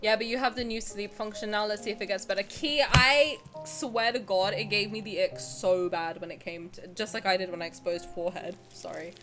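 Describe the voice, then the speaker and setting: A woman's voice: mid-range voice, fairly even intonation, a little fast, hardly any pauses, music in the background. A young woman streamer chatting casually and candidly while she plays a game, joking and swearing freely. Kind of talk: casual live-stream chat while gaming.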